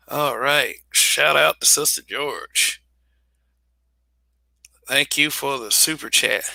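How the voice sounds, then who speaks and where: A man's voice: mid-range voice, gravelly, sharp tone, no echo. A man hosting a livestream, talking casually and bluntly, swearing, restarting sentences and repeating phrases for emphasis. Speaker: livestream host.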